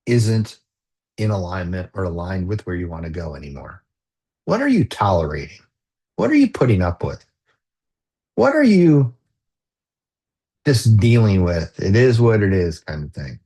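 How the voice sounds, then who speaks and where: A man with a fairly low voice leads a live coaching talk for leaders. He asks questions again and again in an earnest, reflective way. His delivery stays casual, with fillers and quick restarts. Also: a little mellow, slightly rough.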